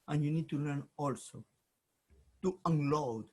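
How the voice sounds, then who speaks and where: Male rabbi, slow, husky, emphatic Torah teacher in broken English. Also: fairly high pitch. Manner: emphatic and animated, in broken English with frequent restarts; jokes and talks aside to someone off mic. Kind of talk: informal Torah lesson.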